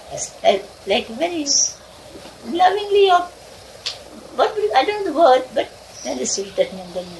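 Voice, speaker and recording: A woman telling a personal story from her childhood in a casual, meandering way, often laughing between lines. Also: mid-range voice. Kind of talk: casual spoken reminiscence. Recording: distant mic with clear background noise.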